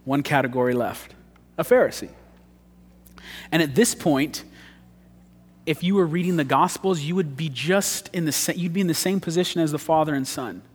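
A man's voice: on the high side, normal speed, long pauses, breathy edge. Man preaching in a reverberant hall. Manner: dramatic swings from loud emphasis to hushed intensity. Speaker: pastor. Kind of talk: sermon. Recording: long church hall reverb.

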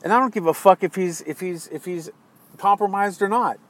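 An American man ranting angrily about politics, swearing constantly and swinging between low muttering and exasperated yelling. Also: a little fast, no room sound. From United States. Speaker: political commentator. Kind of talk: angry political rant.

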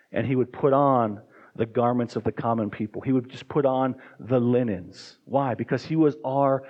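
A male pastor preaches conversationally, often putting questions to the congregation, in a warm, mid-range voice. The recording is dull and lo-fi.

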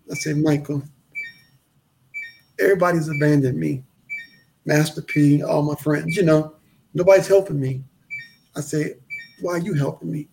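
A man tells a long personal story, slipping into the voices of everyone in it. His voice is gravelly and sits a little high for a man. He repeats his phrases for emphasis. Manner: animated, acts out quoted voices, repeats phrases. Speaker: guest telling his life story. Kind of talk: casual storytelling interview.

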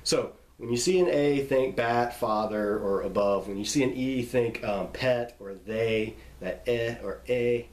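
Low-voiced man teaching in an echoey room. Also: measured pace, few pauses, darkish tone. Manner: explanatory, repeats and restarts while thinking aloud. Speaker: Bible teacher. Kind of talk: casual teaching monologue.

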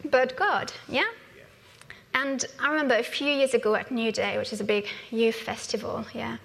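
A woman's voice: fairly high pitch, steady tone, moderate pace, gravelly, fairly bright tone. A woman from France, preaching a conversational sermon in a church and often asking "yeah?" as she goes. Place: church hall. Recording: long hall reverb.

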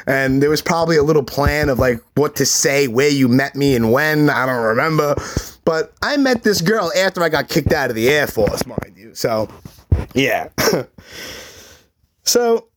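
A middle-aged man, telling his life story on a solo podcast in a profane, animated way. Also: fairly high pitch, a little hiss or hum. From New York City. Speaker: podcast host.

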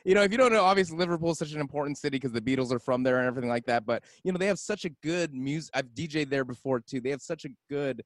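Casual co-host, male DJ, easygoing, fairly high voice, dry close sound. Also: very fast, hardly any pauses, no echo. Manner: laid-back, says "man" a lot, laughs often. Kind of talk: casual chat.

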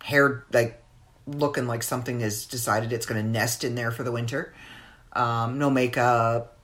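A woman's voice: rumbling low, fairly even intonation, moderate pace, fairly bright tone. A woman hosting her own podcast in casual, rambling chat, with many fillers. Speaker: podcast host.

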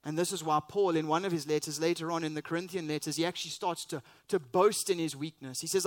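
A man's voice: on the high side, steady tone, quick pace, hardly any pauses, no room sound. A man preaching a sermon as pastor, earnest and emphatic, with rhetorical questions.

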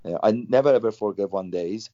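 Low-voiced older man, halting. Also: mellow, dry recording. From Iran. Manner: halting, repeats words, non-native phrasing. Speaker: former footballer, guest. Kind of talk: interview storytelling. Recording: dull lo-fi sound.

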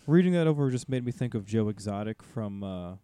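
A man co-hosts a podcast in chatty casual talk with an amused tone. His voice is mellow and the sound is dry, close to the mic. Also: on the low side, lively intonation, brisk, clear, resonant tone, no room sound. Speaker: podcast co-host. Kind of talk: casual chat.

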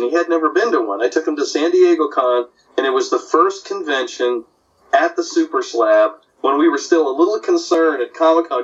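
Older male guest, animated anecdotes, a bit high, heard from a distance on a dull, muffled recording. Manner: animated, puts on voices in anecdotes. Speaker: comic artist guest. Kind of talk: casual storytelling.

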